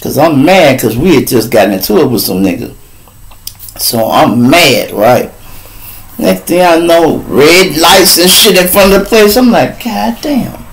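Animated profane man telling a street story. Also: unhurried, low-quality recording. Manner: animated, swings between loud outbursts and low asides; heavy profanity and street slang. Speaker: host of a live street show.

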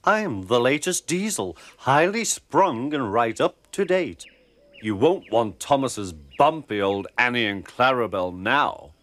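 Vain, haughty female diesel railcar done by a male storyteller, storybook, animated delivery. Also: mid-range voice, unhurried. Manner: haughty, complaining, prim. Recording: music playing underneath.

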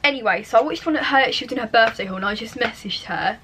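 A young woman talks to camera in her bedroom, with a voice that sits a little high. She chats and confides, and at times drops to a near whisper. A faint hiss runs under the recording. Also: quick pace, bright, forceful tone. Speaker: vlogger. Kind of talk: casual chat to camera. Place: bedroom at home.

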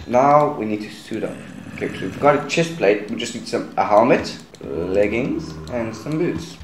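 A man's voice: on the low side, animated, moderate pace, reverberant, a little hiss or hum. A young man giving casual, chatty commentary while he plays a video game, talking straight to his viewers. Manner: chatty, talks to viewers as guys. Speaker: gaming channel host.

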